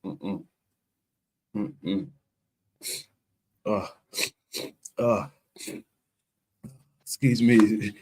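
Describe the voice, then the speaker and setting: A man's voice: on the low side, extremely slow, pauses often, darkish tone, breathy edge. A man on a live stream panel, laughing to tears with a runny nose, exclaiming and cursing between fits of laughter.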